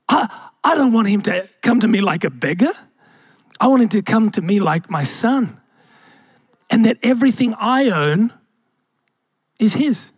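A young man preaches to his congregation, his voice sitting high for a man. He takes his time, leaning on rhetorical questions and calling the church to answer back. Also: animated, a little slow, pauses often, breathy edge, no echo, studio quality. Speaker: pastor. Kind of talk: sermon.

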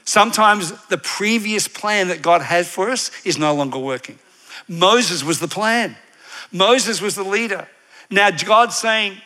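Male preacher, bright and fairly high, energetic sermon delivery with call-and-response. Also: a little slow. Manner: animated, digressive storytelling.

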